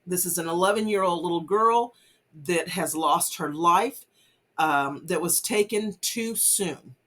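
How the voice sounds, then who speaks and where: Here a woman vlogger comments informally on a news case in a fairly low, fairly bright voice at a measured pace. Earnest and full of fillers like "you know," she encourages viewers not to pass judgment.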